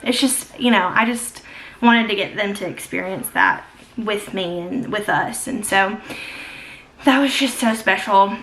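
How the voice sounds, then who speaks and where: A beauty vlogger, a young woman with a mid-range, fairly bright voice, talks unhurriedly over slight background noise. While doing her makeup she keeps up a casual, gushing get-ready-with-me chat, thick with fillers and "like"s.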